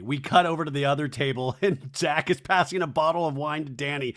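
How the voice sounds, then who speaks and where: A man's voice: a little high, fast talker, hardly any pauses, fairly bright tone. A young man hosting a podcast, recapping a reality TV episode in a campy, gossipy way and acting out the cast's lines in silly voices. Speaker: podcast host.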